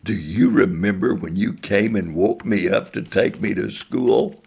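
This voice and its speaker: A man's voice: on the low side, measured pace, vocal fry, a little mellow, slightly rough, exaggerated voice. A man voicing a teenage boy who stammers when startled and talks earnestly years later, in a retold story. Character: sleepy teenage boy, stammering then grateful.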